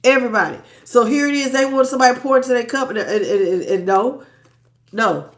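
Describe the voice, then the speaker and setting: A woman's voice: fairly high pitch, fairly quick. A stuffed-up woman giving a blunt, preachy live tarot reading, talking in slang and greeting her chat viewers. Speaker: tarot reader.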